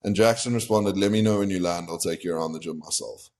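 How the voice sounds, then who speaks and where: A young man with a very low voice tells a long personal story in a casual, candid way. He slips into the quoted voices of the people he met. He is a guest talking with a podcast host. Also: fast talker, a little mellow. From South Africa.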